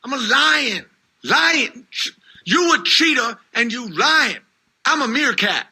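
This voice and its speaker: A man voicing a brash cartoon character who squabbles and shouts. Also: very high-pitched, very animated, slow, creaky, husky, full character voice. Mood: bickering. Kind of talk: cartoon dialogue.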